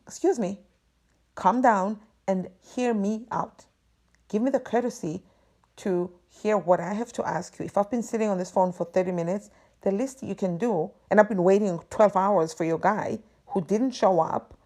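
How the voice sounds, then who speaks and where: Woman host, mellow tone, venting hard, swears a lot, emphatic rant. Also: medium pitch. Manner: exasperated, profane, emphatic. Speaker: podcast host. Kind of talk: ranting monologue.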